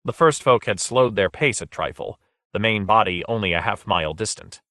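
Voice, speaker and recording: A man narrating an audiobook in a steady, measured way. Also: on the low side, no room sound, studio quality. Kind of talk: scripted narration.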